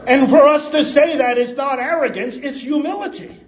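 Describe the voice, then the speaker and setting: An American man preaching a sermon with passion, swinging between loud emphasis and quiet asides. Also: extremely high pitch, moderate pace, roomy sound. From United States.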